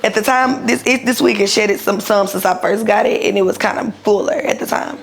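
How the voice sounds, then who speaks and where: A woman's voice: mid-range voice, fairly quick, gravelly. A woman in her thirties telling her own story casually, blunt and profane, acting out the people she quotes. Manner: blunt, profane, animated retelling with quoted dialogue.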